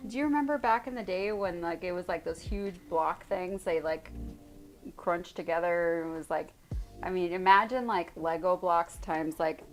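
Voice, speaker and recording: A woman's voice: lowish voice, normal speed, faint music behind. A woman co-hosting a casual livestream chat, telling a long story full of fillers. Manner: rambling storyteller, many fillers. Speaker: co-host.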